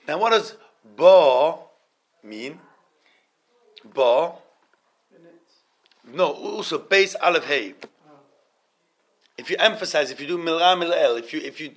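A man's voice: a little high, lively intonation, slow pace, pauses often, a bit bright. A man giving an informal Torah class. He stops and repeats words, mixes Hebrew terms into his English, and asks his students questions.

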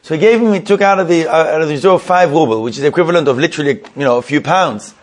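A man's voice: on the high side, rapid-fire. A man telling a Hasidic tale, often repeating and restarting himself and using Yiddish terms. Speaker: storyteller.

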